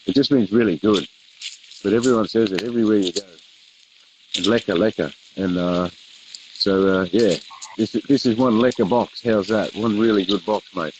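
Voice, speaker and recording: Laid-back deep-voiced man at a grill. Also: normal speed, noisy background. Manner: easygoing, laughs often, says "mate". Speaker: co-host of a live barbecue show. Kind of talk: casual chat while grilling.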